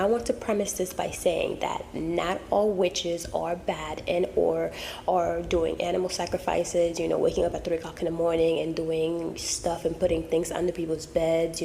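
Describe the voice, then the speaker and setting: Low gravelly-voiced woman host. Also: mellow, a little hiss or hum. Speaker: storytime channel host. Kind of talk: casual storytime intro.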